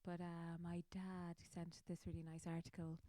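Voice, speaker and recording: A woman's voice: lowish voice, completely flat delivery, moderate pace, warm tone, no room sound. An Irish woman, a musician hosting her own show, chatting casually in a rambling, self-mocking way. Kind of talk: casual chat.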